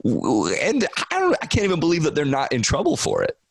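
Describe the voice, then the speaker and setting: A young man hosting a podcast, chatting casually in an animated, worked-up way and swearing. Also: medium pitch, quick pace, gravelly, no room sound, clean studio sound. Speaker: podcast host. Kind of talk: casual chat.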